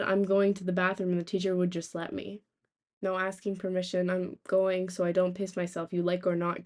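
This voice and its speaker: A young woman from the United States, a streamer telling rambling, animated stories in casual chat, swearing freely. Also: on the low side.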